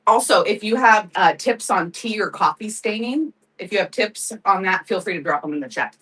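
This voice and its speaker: A woman's voice: mid-range voice, lively intonation, normal speed, a bit bright, slightly rough, far from the mic, low-quality recording. A woman hosting a live craft sale, chatting casually, laughing often and thanking viewers by name. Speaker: live-selling crafts host. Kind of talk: casual livestream chat.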